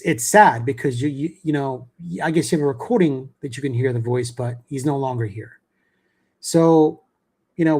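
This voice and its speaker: A man's voice: mid-range voice, a little mellow. Casual middle-aged sports talk man. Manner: conversational, repeats words, frequent fillers. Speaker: sports show host.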